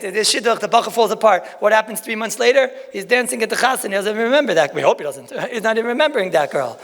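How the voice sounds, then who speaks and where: A man with gives a Talmud lecture in an echoing hall. His voice sits high and gravelly, and he talks in an animated, folksy way full of rhetorical questions and asides. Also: fast talker. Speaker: rabbi giving a Talmud lecture. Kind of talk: lecture to a crowd.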